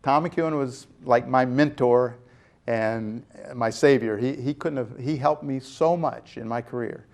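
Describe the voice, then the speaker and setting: A man in his sixties, a guest telling lively stories about his career and acting out quoted voices as he goes. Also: mid-range voice, measured pace. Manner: animated storyteller acting out quotes. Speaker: guest, former jai alai PR director. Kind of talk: storytelling in casual chat.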